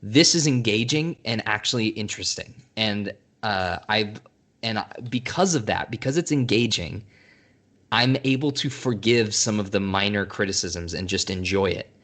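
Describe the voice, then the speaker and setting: Male podcast co-host, low voice, loose and rambling review talk. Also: expressive, moderate pace, fairly bright tone. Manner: rambling, laughs often, restarts. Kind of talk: casual film review chat.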